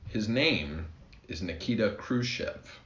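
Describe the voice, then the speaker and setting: A podcast co-host chats casually and laughs often while explaining history. His voice sits on the low side, slow and slightly bright, with lively intonation. The recording is roomy, dull and lo-fi.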